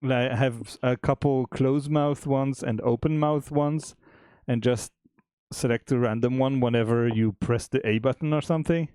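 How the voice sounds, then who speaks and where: A man co-hosting a stream, chatting casually about making a game, relaxed and chuckling, often restarting his sentences. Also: medium pitch, moderate pace, smooth, no echo, clean studio sound. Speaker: game developer and stream co-host.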